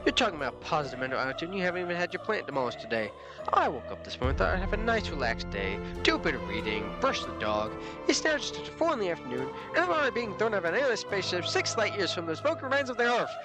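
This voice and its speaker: A man's voice: high-pitched, big pitch swings, very fast, over music, pitched above the performer's own voice. A man voicing a panicky, exasperated human man who complains shrilly and hysterically.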